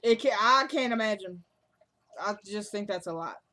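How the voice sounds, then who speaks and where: A woman's voice: medium pitch, lively intonation, normal speed, sharp tone. A woman walks through a TV episode in an easy, casual recap vlog, talking straight to the people watching. She retells the scenes and the characters' lines in her own chatty way, with plenty of asides to her viewers.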